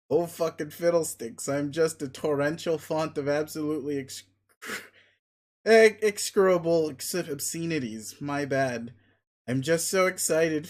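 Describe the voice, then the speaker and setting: A man reading a webcomic aloud, voicing a boastful, crude, muscle-obsessed male creature who swears loudly and gives commands. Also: a little high, lightly acted. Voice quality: loud, bragging, swears constantly. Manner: bombastic, pushy, commanding.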